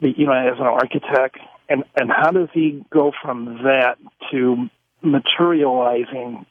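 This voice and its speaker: A man calling in to a radio show, asking a long question in a hesitant, halting way. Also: mid-range voice, fairly even intonation, dry recording. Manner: hesitant, halting, many restarts. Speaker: caller. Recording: phone line.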